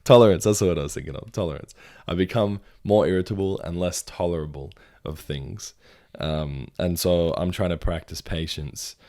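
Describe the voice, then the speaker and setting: Deep-voiced man rambling in an audio journal. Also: moderate pace, warm tone. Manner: casual, rambling, swears freely. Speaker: podcast host.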